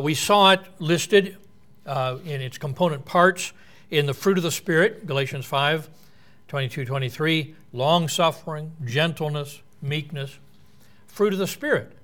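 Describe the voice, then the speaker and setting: A man's voice: a little high, fairly bright tone. A man preaching a sermon in an earnest, explanatory way, quoting and unpacking scripture.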